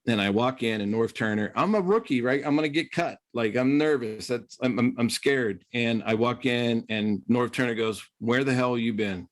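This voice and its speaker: Man telling locker-room stories, animated. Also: mid-range voice, normal speed, hardly any pauses. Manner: animated storyteller acting out quoted voices. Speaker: podcast guest, former quarterback. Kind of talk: casual storytelling interview.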